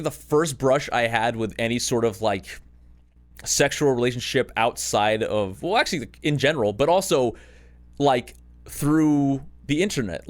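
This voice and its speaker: Rambling, profane man telling a story. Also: mid-range voice. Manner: rambling, profane, self-mocking anecdotes with laughter. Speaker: podcast host. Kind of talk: casual storytelling.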